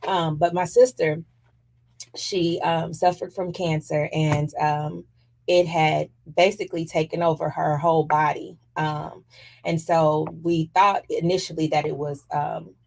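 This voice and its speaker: A woman with a lowish voice hosts a casual talk show from a studio. She talks openly and chattily, sharing personal matters with her guest and listeners. Her delivery is relaxed and unscripted. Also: unhurried, creaky. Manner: candid and chatty, speaks openly about personal loss. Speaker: show host.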